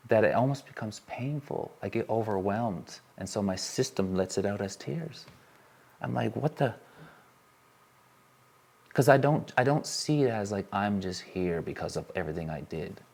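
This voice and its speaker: An earnest man with a very low voice speaks from a stage to a live audience. He repeats phrases as he presses a point, then drops to a softer, quieter tone. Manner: earnest, repetitive, builds intensity then softens. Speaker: workshop speaker. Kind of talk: emotional live talk to an audience.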